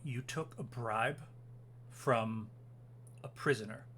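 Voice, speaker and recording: A composed officer in a fantasy tabletop game speaks in a measured, formal way, calm but firmly in command, as a man puts him on. His voice sits in an ordinary middle range with a bright edge, and a faint hum runs underneath. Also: mid-range voice, lightly acted.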